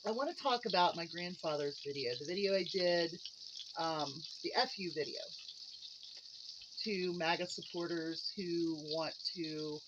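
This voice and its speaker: An earnest, rambling vlogger talks casually from a home kitchen while cooking, with a middling pitch. The audio is dull, and a running tap and kitchen noise sit clearly behind the voice.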